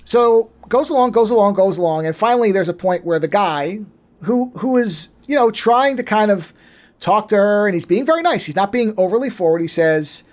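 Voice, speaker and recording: High-voiced man recapping a movie. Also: normal speed. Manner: animated storyteller, swears freely. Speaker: podcast co-host.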